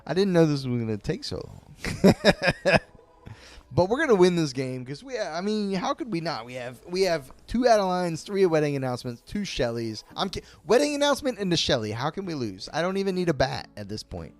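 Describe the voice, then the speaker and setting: A man streaming a card game live, reacting loudly to each play, swearing freely and talking to his chat. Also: fairly high pitch, fairly quick. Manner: excitable, swears a lot, talks to chat. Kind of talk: live-stream gameplay commentary.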